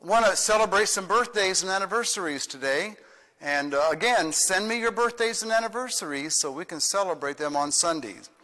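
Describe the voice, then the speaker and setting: A man's voice: high-pitched, expressive, brisk, bright, forceful tone, long reverb tail. An older man, a pastor, singing a children's song and giving church announcements in a folksy, playful way. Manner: sings with guitar, folksy and playful.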